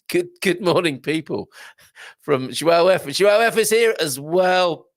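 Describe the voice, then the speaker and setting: A man hosting a live stream, chatting and reading out viewer comments with lively exclamations. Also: fairly high pitch, slow pace, no echo, studio quality. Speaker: host.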